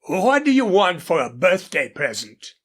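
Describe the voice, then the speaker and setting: A woman voicing an older male rancher, an indulgent, horse-proud father, in a husky, drawling audiobook character voice. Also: lowish voice, big pitch swings, a little slow.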